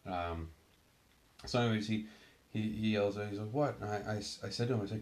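A man telling a personal story in a casual, halting way, full of restarts and fillers. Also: lowish voice, darkish tone. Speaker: storyteller recounting a sailing ordeal.

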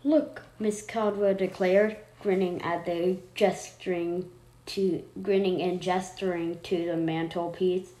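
A woman's voice: lowish voice, flat delivery, unhurried, warm tone. A woman reading a horror story aloud, unpolished, stopping to correct herself. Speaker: story reader. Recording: roomy echo, faint noise.

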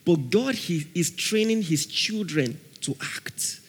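A man preaching a sermon with fervor, calling out to his congregation and rising at times to shouts. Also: on the high side, animated, takes it slowly, breathy edge. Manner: fervent, calls out to the congregation.

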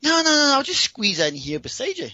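A man's voice: very high voice, huge pitch swings, fast talker, sharp tone, dry recording, lo-fi sound, pitched above the performer's own voice, full character voice. A Scottish man voicing a tipsy, flirtatious American woman in her forties who repeats her words insistently. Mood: tipsy, flirty.

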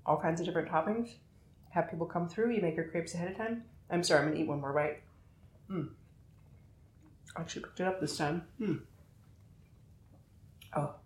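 Low-voiced chatty woman, roomy sound. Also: slight background noise. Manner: chatty and self-deprecating, talking between bites. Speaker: podcast host. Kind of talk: casual chat. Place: home kitchen.

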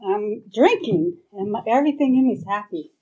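A woman's voice: mid-range voice, animated, normal speed, dark tone, breathy edge, rough recording. A middle-aged woman speaking at a recovery meeting, telling her story candidly with swearing and acting out her own past reactions. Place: meeting hall.

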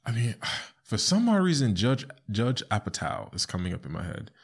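A man hosting a podcast alone, talking casually and animatedly, often jumping into high squeaky voices to quote people. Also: huge pitch swings, normal speed, gravelly, breathy edge. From South Florida. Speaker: podcast host. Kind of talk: casual solo podcast commentary.

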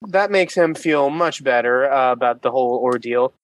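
A man's voice: medium pitch, normal speed, rough recording. A man playing a tabletop role-playing game, thinking aloud and describing what his character does. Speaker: player.

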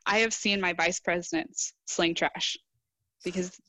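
Woman, young adult, engineer guest, earnest, reflective, lowish pitch, dry close sound. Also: steady tone, unhurried, sharp tone, no echo. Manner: earnest, reflective, quotes herself in dialogue. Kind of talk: casual interview answers.

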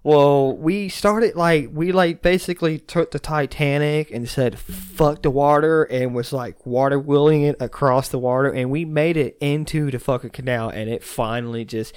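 A man's voice: a little high, moderate pace, hardly any pauses, smooth. A man telling a rambling drinking story in casual chat, laughing often and swearing a lot.

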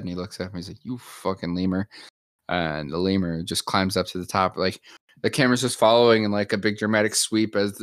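A man's voice: fairly low pitch, fairly bright tone, no echo. A man improvising a silly story in casual chat, playful and laughing often.

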